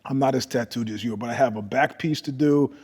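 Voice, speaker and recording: A middle-aged man, a podcast guest, telling stories in a husky voice, swinging from loud bursts to hushed asides. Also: mid-range voice, a little fast. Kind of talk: storytelling in casual conversation. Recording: long reverb.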